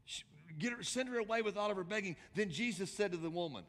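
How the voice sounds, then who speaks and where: A man preaching a sermon as pastor, impassioned and rising to high, emphatic bursts. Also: sing-song, fairly quick, fairly bright tone. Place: large church hall. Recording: long church hall reverb.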